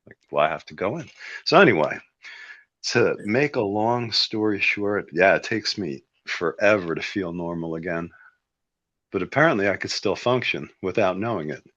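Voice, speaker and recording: A man's voice: low voice, animated, normal speed, fairly bright tone, dry recording, muffled recording. A man telling a story in a casual podcast chat, laughing and mocking himself as he goes.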